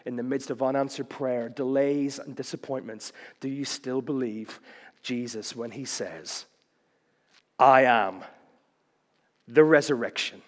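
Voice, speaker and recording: A man preaching a sermon, swinging between loud declarations and hushed lines, with playful rhymes and punchy questions. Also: medium pitch, fairly even intonation, normal speed, big-room sound.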